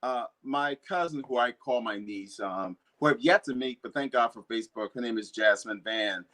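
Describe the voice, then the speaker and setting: An earnest man talks as a guest poet, warming into animated storytelling as he goes. He speaks at an ordinary middle pitch, in a relaxed conversational way. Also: moderate pace. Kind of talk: casual conversation.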